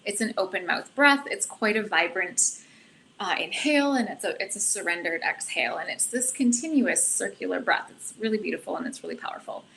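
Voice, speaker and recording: Bright-voiced woman telling her story. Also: medium pitch, a little fast, gravelly, a little hiss or hum, poor audio. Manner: earnest, animated, self-reflective. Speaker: guest. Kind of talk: casual storytelling.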